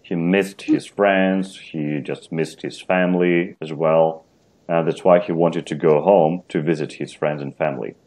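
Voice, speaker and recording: Deep voiced russian guy teaching english online, reads a story then asks questions. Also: steady tone, unhurried, darkish tone. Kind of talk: online language lesson.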